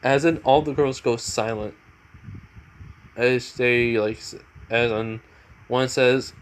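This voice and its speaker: A man's voice: mid-range voice, little pitch movement, measured pace. Rambling man improvising a story. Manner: rambling, many fillers and restarts. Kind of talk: improvised fan fiction narration.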